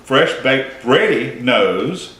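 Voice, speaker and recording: A man's voice: mid-range voice, extremely slow. A man hosting a beer show, chatting casually and reading label details aloud during a tasting. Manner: relaxed, reads label notes aloud. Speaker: beer podcast host. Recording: echoey room with faint noise.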